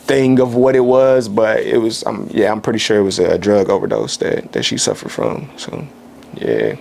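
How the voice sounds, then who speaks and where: A man from Kansas City, a podcast guest, speaking candidly and softly with frequent halting restarts in a casual conversation. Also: fairly low pitch, creaky, slight background noise. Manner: soft-spoken, candid, halting with many restarts. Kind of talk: casual chat, personal storytelling.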